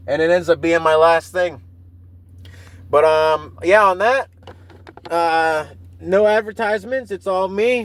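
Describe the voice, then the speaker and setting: A man in his thirties with a high-pitched voice riffs through a casual solo podcast. He rambles, swears constantly and laughs at his own stories. The talk is loose and unscripted. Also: slow pace, long pauses, fairly bright tone, smooth, rough recording. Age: 30s. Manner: profane, rambling, laughs at himself. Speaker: podcast host.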